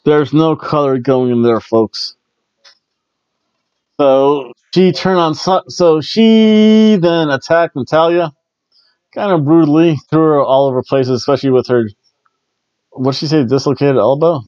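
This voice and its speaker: A man's voice: on the high side, unhurried, darkish tone, clean tone, no echo, dull audio. A man hosting a casual solo wrestling review, chatty and rambling, often stumbling and restarting his words. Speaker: wrestling show reviewer, host.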